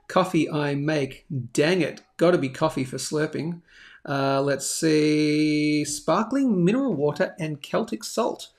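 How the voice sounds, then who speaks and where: Male host, casual live-stream chat, fairly high-pitched, rambling, reads viewer comments aloud. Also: a little slow. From Australia. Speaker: host of a daily live show.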